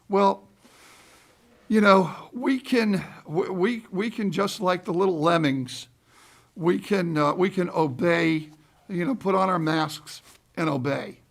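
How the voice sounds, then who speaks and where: A man's voice: high voice, slow pace, gravelly. A man on a school board giving folksy, emphatic remarks at a public meeting. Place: meeting room.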